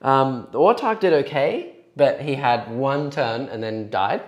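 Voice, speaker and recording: A man with a mid-pitched voice talks loosely about a tabletop match he just played, rambling, laughing at his own mistakes, cutting himself off mid-sentence. The room around him is bare and echoey. He sounds relaxed and self-deprecating. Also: unhurried. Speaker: host of a wargaming channel. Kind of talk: casual post-game chat.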